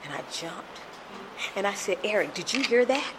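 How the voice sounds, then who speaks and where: A woman's voice: mid-range voice, expressive, moderate pace, a little hiss or hum, poor audio. A middle-aged woman sharing a personal recovery testimony in an earnest storytelling manner, acting out the voices she quotes.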